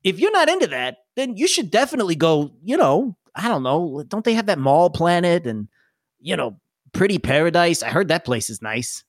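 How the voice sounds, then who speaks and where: A man's voice: fairly high pitch, sing-song, moderate pace, dry recording, clean studio sound. A man voicing an eager, restless male alien mechanic with a tail in a tabletop role-playing game, rambling in drawling slang. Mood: excitable.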